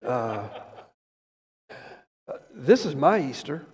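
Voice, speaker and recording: An older man preaching, emotional and rambling at first, then rising loud and fervent. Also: fairly high pitch, moderate pace, gravelly. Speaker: traveling preacher. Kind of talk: sermon. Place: church sanctuary. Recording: echoey church hall.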